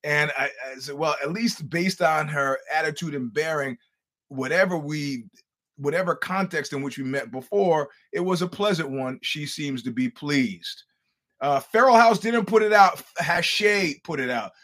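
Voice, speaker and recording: A man's voice: on the high side, a little slow. A man hosting a podcast, telling a long profane story in a casual monologue and acting out what people said. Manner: profane, animated storytelling with acted-out quotes. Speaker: podcast host.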